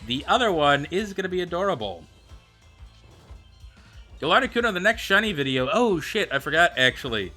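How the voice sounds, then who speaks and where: A young male streamer talks casually with his viewers, reacting to their comments with quick, animated bursts. His voice sits a little high and sounds bright and forceful. A faint bed of music plays behind him. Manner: chatty, animated, answers chat with quick excited reactions. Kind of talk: casual livestream chat reading viewer comments. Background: faint background music.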